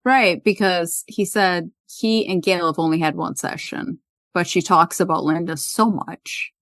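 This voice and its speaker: A woman's voice: fairly low pitch, steady tone, a little slow, fairly bright tone, no room sound. A woman hosting a podcast, casually retelling an episode's scenes and quoting the characters. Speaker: podcast host. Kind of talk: casual recap chat.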